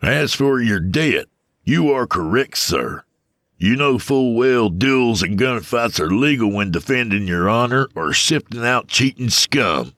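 A man's voice: medium pitch, animated, a little slow, a bit bright, no room sound, clean studio sound, pitched above the performer's own voice. A man voicing a stern, scoffing old-west saloon bartender. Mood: indignant.

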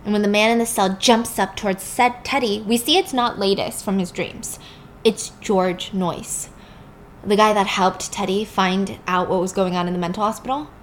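A woman host casually retelling a film plot, animated and emphatic. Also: medium pitch, normal speed, slight background noise. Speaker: podcast host. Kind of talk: casual film recap storytelling.

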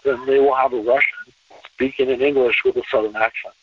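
A man's voice: mid-range voice, steady tone, brisk, distant mic, background noise. An American man talking in a rambling, emphatic way, repeating himself, heard over a tinny phone line. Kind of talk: casual conversation.

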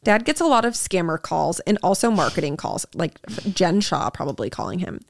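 A woman's voice: lowish voice, sing-song, a little fast, gravelly, a little hiss or hum. A young woman co-hosting a podcast, blunt and swearing, laughing often as she reads listener posts aloud. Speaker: podcast co-host. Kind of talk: casual chat, reading listener posts aloud.

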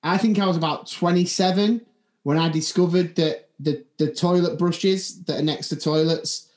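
A man's voice: on the high side, steady tone, moderate pace, a little mellow. A man co-hosting a podcast, rambling through funny anecdotes with lots of restarts. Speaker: podcast co-host. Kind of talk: casual chat. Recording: roomy echo.

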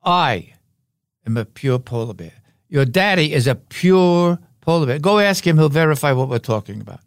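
An older man voicing a calm, reassuring mother polar bear in a joke. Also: fairly high pitch, moderate pace, dry recording, clean studio sound.

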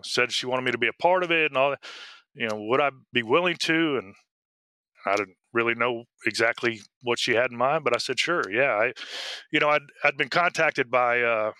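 Brief: middle-aged male K9 officer, guest, hesitant storyteller, bright timbre. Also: mid-range voice, clean tone, dry recording. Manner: halting, full of fillers and restarts. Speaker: police K9 handler, guest. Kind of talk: casual interview storytelling.

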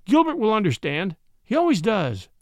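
Brief: eager, plain-spoken young frontier woman, read by a man, bright lilt. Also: high voice, huge pitch swings, normal speed, no echo, clean studio sound, voice pushed up. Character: young woman from the West, frank and lively.

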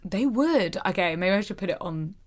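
A woman co-hosting a podcast, excitable and swearing freely in casual chat. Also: mid-range voice, moderate pace. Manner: excitable, swears a lot, bursts of laughter. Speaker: podcast co-host.

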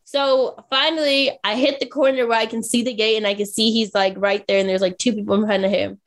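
A woman podcast co-host telling a story in casual chat, animated and acting out what people said. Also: fairly high pitch, a little fast. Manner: animated, acts out quotes from others.

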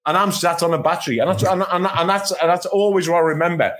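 A middle-aged man from England, a football journalist on a podcast, telling a long anecdote with animated asides and exasperated re-enactments. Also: sits high, fast talker. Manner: animated storytelling, acts out his own exasperation.

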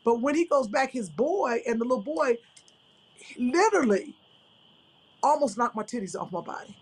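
A woman co-host telling a story as an animated rant in casual chat. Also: on the high side, moderate pace, slightly rough, rough recording.

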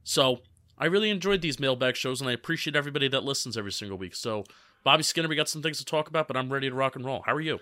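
A man co-hosting a sports podcast in relaxed, candid chat. His voice is bright and forceful. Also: mid-range voice, very fast. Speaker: podcast co-host.

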